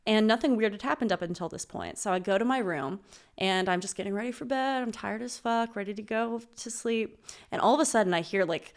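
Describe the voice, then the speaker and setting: A young woman in her twenties sits in as a podcast guest and tells a story in a casual, animated way. She swears freely and laughs along with herself. Her pitch sits in the middle range for a woman. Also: fairly quick.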